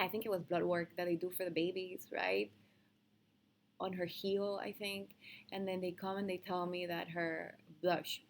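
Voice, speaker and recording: Casting: middle-aged woman, low gravelly voice, earnest unscripted monologue to camera. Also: slight background noise. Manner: emotional, earnest, rambling with restarts and soft laughs. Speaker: vlogger sharing her birth story.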